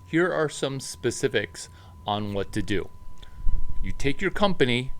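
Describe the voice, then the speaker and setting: Man, startup advisor monologue, slow deliberate pace, punchy emphatic stresses, mid-pitched voice. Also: sing-song, fairly bright tone, a little hiss or hum. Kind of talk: animated monologue to camera.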